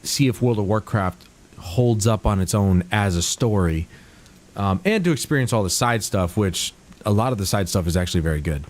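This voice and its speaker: A man streams a video game, chatting casually and thinking out loud about the story and quests. His voice is fairly low and animated, at a moderate pace.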